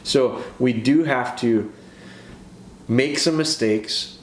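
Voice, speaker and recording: A man's voice: medium pitch, takes it slowly. A man hosting a podcast as a dog trainer, explaining in a casual, earnest way and often restarting and repeating his phrases. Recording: echoey room with faint background noise.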